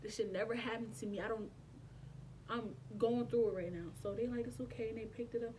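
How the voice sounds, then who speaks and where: A woman's voice: on the high side, steady tone, fairly quick, a little mellow, a little hiss or hum, poor audio. A young woman telling a storytime vlog in an emotional, slangy way, swearing often and acting out her past reactions. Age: young adult. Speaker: vlogger.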